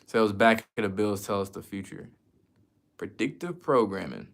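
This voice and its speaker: A man's voice: lowish voice, moderate pace, gravelly. A man from the United States chatting casually as a streamer, answering viewer questions in a loose, slangy, profane way. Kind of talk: casual chat.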